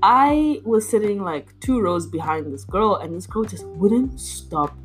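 A young woman, a university student, telling annoyed stories in a casual chat, animated and exasperated, with lots of fillers. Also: medium pitch, a little slow, soft background music, poor audio. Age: young adult.

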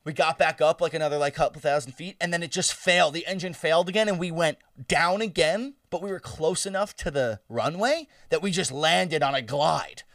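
A man's voice: fairly high pitch, brisk, hardly any pauses, no echo, studio quality, recorded from a distance. A man in his twenties telling a story in casual chat, swearing and laughing as he goes. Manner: animated, swearing, laughing, acts out screams.

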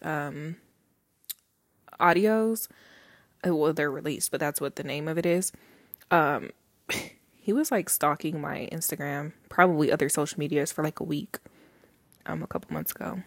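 A woman's voice: deep voice, normal speed, long pauses, no room sound. A young woman hosting her own podcast from home, chatting loosely with lots of fillers, laughs and the odd swear. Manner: rambling, many fillers, swears, laughs often. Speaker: podcast host. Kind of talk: casual solo podcast chat. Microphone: handheld microphone.

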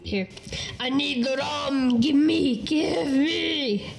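A man's voice: very high voice, extremely slow, gravelly, background noise, heavily acted. A young man voicing a drunken, rum-obsessed undead pirate captain in a comedy podcast, with blustering pirate talk. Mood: rambling. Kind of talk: improvised comedy podcast role-play.

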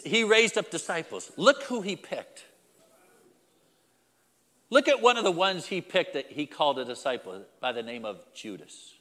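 Man, pastor mid-sermon: lively swinging delivery, bright and forceful, addresses the flock head-on. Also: a little high, moderate pace, in a large hall. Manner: emphatic, repetitive preaching with direct address.

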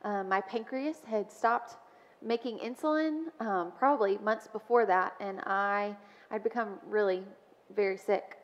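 A woman's voice: mid-range voice, measured pace. A woman sharing a personal testimony in church, speaking in a storytelling way with frequent ums. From Mobile, Alabama. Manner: warm storytelling with frequent ums and soft laughs. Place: church sanctuary. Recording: dull sound with long church reverb.

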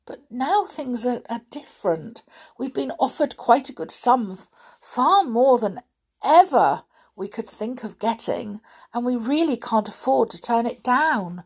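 Lady doing a soft upset mum, hesitant, breathy storybook voice. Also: a little high, expressive, measured pace, pitched above the performer's own voice, exaggerated voice. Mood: apologetic. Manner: gentle, hesitant. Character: upset, apologetic middle-aged mother.

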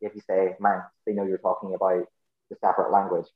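Northern Irish man, podcast guest, low-ish voice, reflective and halting, roomy dull remote audio. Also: monotone. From Northern Ireland. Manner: thoughtful, explains with many ums and restarts. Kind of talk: casual interview chat.

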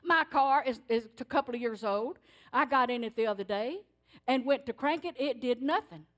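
An older woman giving a sermon in church, telling stories in an animated, emphatic way. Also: fairly high pitch, moderate pace. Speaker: church speaker. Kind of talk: sermon testimony.

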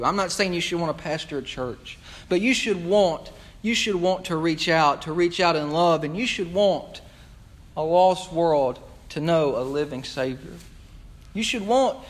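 A male pastor preaching a sermon to his congregation, impassioned and conversational, often repeating his phrases. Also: fairly high pitch. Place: church sanctuary.

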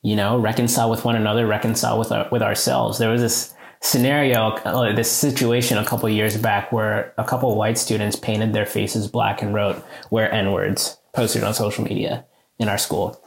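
A male teacher earnestly telling a story in a conversation, growing animated as he recounts a moving moment. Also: moderate pace, vocal fry, reverberant. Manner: earnest, animated, rises in pitch when moved. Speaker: high school teacher, guest.

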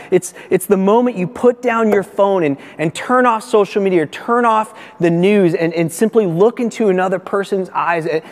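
A male pastor preaching a sermon earnestly, building to raised, animated emphasis. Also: high-pitched, in a large hall.

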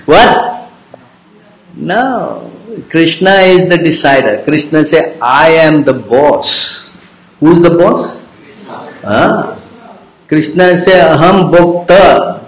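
High voiced guy teaching a devotional class, keeps going "yes? understand?", teasing, echoey room. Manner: informal, teasing, repetitive. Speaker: religious teacher.

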